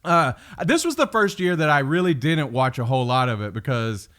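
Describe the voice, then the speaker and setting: A man hosting a podcast, chatting casually over a video call, rambling and trailing off softly. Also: mid-range voice, expressive, brisk. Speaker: podcast host. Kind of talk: casual chat.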